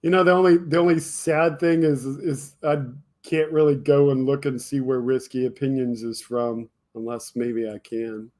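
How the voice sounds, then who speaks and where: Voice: medium pitch, little pitch movement, normal speed, a little mellow. A livestream show host in casual chat, reading the chat and mocking commenters directly, using casual talk with fillers and swearing. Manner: mocking, talks straight back to chat commenters; laughs often and hard.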